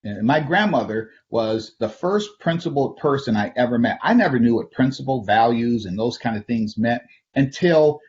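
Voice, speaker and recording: A man's voice: medium pitch, animated, normal speed, a little mellow. Man, middle-aged, from Flint, storytelling talk, chuckles and restarts, lo-fi audio. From Flint, Michigan. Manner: conversational, chuckles often, frequent restarts. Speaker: invited speaker. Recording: dull lo-fi recording.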